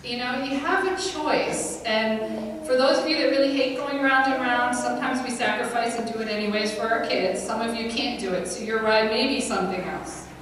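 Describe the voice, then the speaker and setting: A woman's voice: fairly high pitch, normal speed, a bit bright, a little hiss or hum. A chatty woman in an echoey hall. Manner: chatty, self-deprecating storytelling. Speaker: speaker at a women's church gathering. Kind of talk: comedic scripture lesson. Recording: echoey hall recorded from far off.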